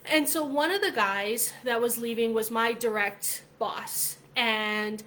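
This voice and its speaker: A middle-aged woman hosting a casual vlog, telling a story in a chatty, animated way, with lots of filler words. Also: on the high side, slow pace. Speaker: vlog host.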